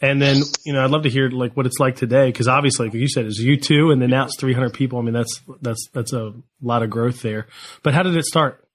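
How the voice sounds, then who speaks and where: A man's voice: medium pitch, fast talker. A man hosting a podcast interview, upbeat and affirming, asking long, rambling questions. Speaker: podcast host. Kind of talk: casual interview chat.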